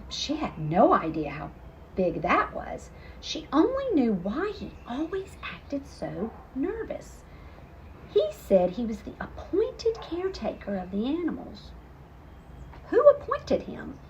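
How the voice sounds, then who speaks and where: Expressive woman reading a picture book. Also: on the high side, highs cut off, a little hiss or hum. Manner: expressive, with chatty asides to young listeners. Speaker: storytelling teacher.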